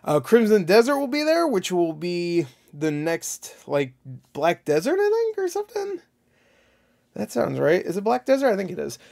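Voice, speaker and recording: A man's voice: sits high, huge pitch swings, normal speed, vocal fry, darkish tone. A young man hosting a casual solo video of gaming predictions, rambling loosely with many fillers and casual swearing. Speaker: gaming channel host.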